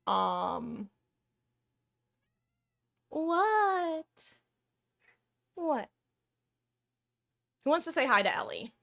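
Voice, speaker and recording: A woman's voice: mid-range voice, sing-song, moderate pace, gravelly, few pauses, fairly bright tone. A woman streamer chatting casually to her viewers through a headset, rambling through stories. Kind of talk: casual live-stream chat.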